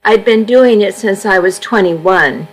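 A woman volunteer reading a first-person magazine story aloud for a radio reading service, in a steady, unhurried storytelling manner. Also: mid-range voice, soft background music, poor audio.

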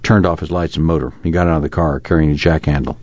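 A man narrating a novel aloud for a radio reading service, steady and measured. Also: rumbling low, no room sound. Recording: dry, slightly muffled studio recording.

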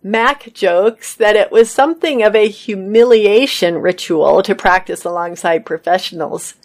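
Woman news reader, mid pitch, steady read-aloud pacing, entertainment stories. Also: a little slow. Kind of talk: reading news articles aloud.

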